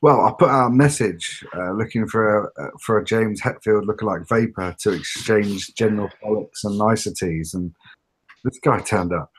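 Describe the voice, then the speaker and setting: Brief: deep, husky British co-host, dry teasing wit. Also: male voice, moderate pace. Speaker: podcast co-host. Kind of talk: casual chat.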